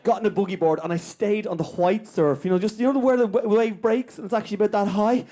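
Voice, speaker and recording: A man's voice: high voice, steady tone, warm tone. An Irish man doing live stand-up, telling a story at speed and tagging lines with "right?". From Ireland. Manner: rapid anecdote, tags lines with "right?". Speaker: stand-up comedian. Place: small comedy venue with live audience.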